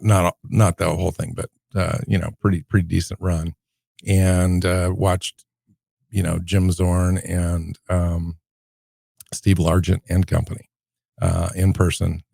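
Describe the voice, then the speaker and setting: A man in his fifties with a very deep, heavily gravelly voice, telling stories in a relaxed way. The tone is dark and a little husky, and the dry recording has almost no room echo. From Seattle area, USA. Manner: unhurried, reminiscing storyteller. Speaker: podcast co-host. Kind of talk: casual podcast chat.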